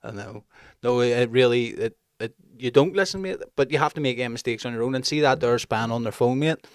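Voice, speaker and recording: A man's voice: medium pitch, a little fast, smooth, no echo, studio quality. A man, co-hosting a casual talk show and telling stories about his kids with plenty of swearing. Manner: swears freely, animated storytelling. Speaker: podcast co-host. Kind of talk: casual chat.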